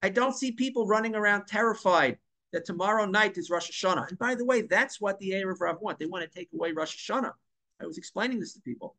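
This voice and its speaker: A man's voice: sits high, fast talker, sharp tone. A man telling a story in a casual monologue, emphatic, repeating and stumbling over words at times. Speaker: online commentator.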